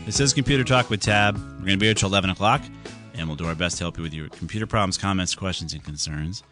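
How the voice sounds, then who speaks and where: A man hosting a call-in radio show about computers, chatty and quick to laugh. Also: music in the background. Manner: chatty, laughs often, lively pitch swings.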